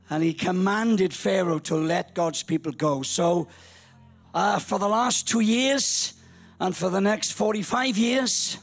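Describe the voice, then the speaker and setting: A man in his sixties preaching a humorous storytelling sermon, lively, rising to shouts. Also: high-pitched. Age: 60s. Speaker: pastor.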